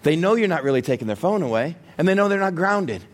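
Pastor, male, high and very lively delivery; playful, acts out scenes, asks the crowd questions. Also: fast talker. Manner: animated, acts out everyday scenes with humor; talks straight to the audience with questions. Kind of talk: sermon.

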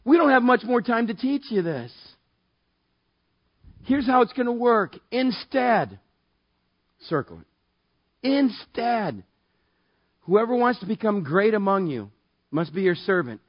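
A man preaching a sermon in a casual, joking way that builds to loud, emphatic passages. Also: sits high, animated, a little slow, long pauses, no room sound, dull audio. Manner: conversational, jokey, rising to loud emphatic preaching. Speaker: pastor.

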